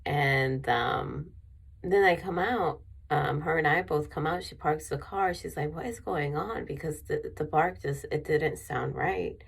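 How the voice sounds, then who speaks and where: A woman's voice: sits low, a little slow, vocal fry, slightly rough. A woman vlogger telling a personal story in a rambling way with many restarts, emotional and near tears.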